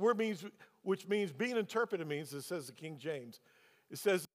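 Brisk and expressive, this man's voice sits high as he preaches a sermon. After recounting something from his own life, the pastor challenges the congregation with rhetorical questions, all captured with a long reverb from the hall.

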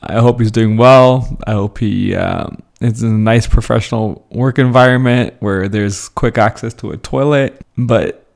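Gravelly young man telling stories. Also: medium pitch, measured pace. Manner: laughs often while telling stories. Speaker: podcast host. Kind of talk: casual storytelling.

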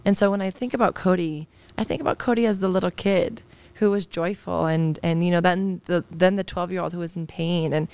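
A woman in her thirties, appearing as a psychologist guest on a podcast, speaks earnestly and openly in a candid interview. Her voice is fairly low and steady, her pace brisk, and there's no room sound. She comes across as reflective, letting out soft laughs.

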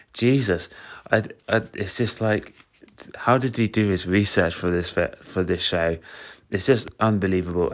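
A young man with a British accent and a very deep, low voice talks through his review at an unhurried pace. He stumbles often, filling gaps with "um" and restarting his sentences, but stays eager about the show. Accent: British English. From Britain. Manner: hesitant, many fillers and restarts, enthusiastic. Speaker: musical reviewer. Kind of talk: casual spoken review.

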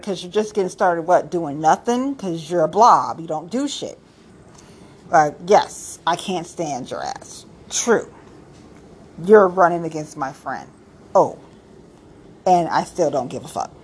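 Her voice is lowish and a bit rough as she goes off on local politics without mincing words. The rant is informal, cheeky, and full of swearing, with her points stressed and said more than once.

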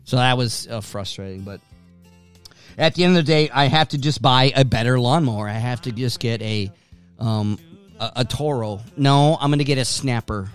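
A man's voice: medium pitch, clean tone. A middle-aged man hosting a casual chat, laughing often and swearing freely. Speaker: podcast host.

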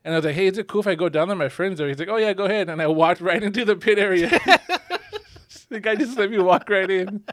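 A man's voice: high-pitched, fast, dry recording, clean studio sound. A young man co-hosting a podcast, telling stories casually with many fillers and acted-out quotes. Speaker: podcast co-host. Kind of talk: casual chat.

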